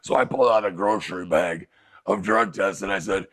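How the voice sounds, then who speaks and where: A middle-aged addiction counselor talks fairly quickly to his recovery group, his deep voice a bit bright. Speaking candidly in the recovery house group room, he often asks rhetorical questions.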